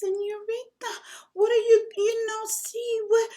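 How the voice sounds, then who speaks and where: A man's voice: very high-pitched, level tone, a little slow, dark tone, voice pushed up. A woman voicing a friendly, eager male junk hauler who speaks broken English with a Spanish accent and Spanish words mixed in.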